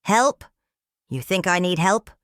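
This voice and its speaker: A woman's voice: very deep voice, steady tone, fast talker, no echo, clean studio sound. A woman voicing an enraged male TV host who shrieks in cracking outbursts while reading a scripted story. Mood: furious.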